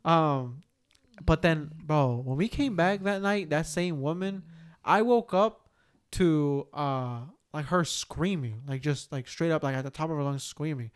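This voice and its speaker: A young man on a casual podcast, telling a story with a lively rise and fall in his voice. His tone is smooth and clear, set a little higher than most men's. He swears freely and scatters "like" and "bro" through his talk. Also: measured pace. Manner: animated, swearing, heavy use of "like" and "bro". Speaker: podcast co-host.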